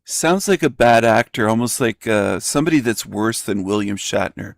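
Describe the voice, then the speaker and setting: A man's voice: medium pitch, expressive, unhurried, few pauses, no room sound, studio quality. A man hosting a reaction commentary, scornful and insulting, hammering repeated jabs. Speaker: host.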